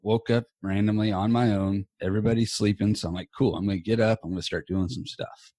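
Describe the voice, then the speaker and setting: A man hosts a podcast from a small home office, rambling in a loose, casual way and dropping the odd swear word. His voice sits a little low. The sound is dry and close, with no room echo. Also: fairly even intonation, fast talker, mellow. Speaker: podcast host. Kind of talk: casual chat. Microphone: earbuds.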